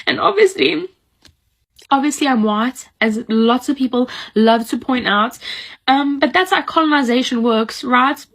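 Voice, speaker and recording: A woman's voice: sits high, lively intonation, measured pace, creaky, a bit bright. A young woman in her twenties from South Africa, with a South African accent, venting in a casual vlog and leaning hard on "like". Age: 20s. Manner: frustrated, heavy use of "like".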